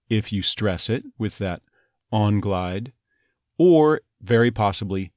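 Man coaching accent sounds, low and dry. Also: dry recording. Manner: breaks words into sounds, demonstrating vowels and glides slowly. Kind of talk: phonetics lesson.

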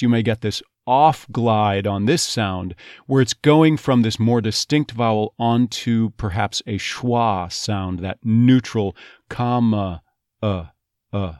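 A man's voice: on the low side, a little mellow, no echo, clean studio sound. A man working as an accent coach, teaching step by step and demonstrating sounds word by word. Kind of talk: instructional teaching.

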